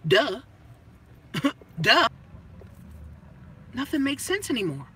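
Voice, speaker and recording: A woman's voice: high voice, big pitch swings, slow pace, husky, rough recording. A woman money coach in a blunt, profane motivational rant, full of rhetorical questions and punchy, emphatic phrasing. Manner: punchy, emphatic phrasing that swings between loud and hushed.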